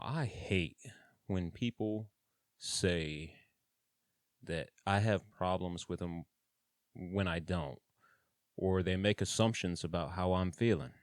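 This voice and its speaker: A man's voice: low-pitched, no echo, studio quality. A man casually telling his own story in a blunt, plain-spoken way, with swearing and slang.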